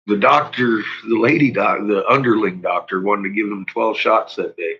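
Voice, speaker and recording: A man's voice: lowish voice, normal speed, slightly rough. A man ranting casually into his vlog, swearing heavily and laughing often. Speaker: vlogger. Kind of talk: casual profane rant. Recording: dull lo-fi recording.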